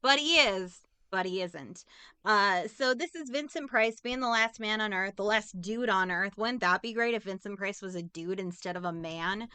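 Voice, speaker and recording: A woman's voice: mid-range voice, normal speed, few pauses, bright, forceful tone, smooth, no echo. A woman co-hosting a podcast, casually recapping a movie plot with sarcastic jokes. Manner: sarcastic, jokey, acts out characters' lines. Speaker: podcast co-host.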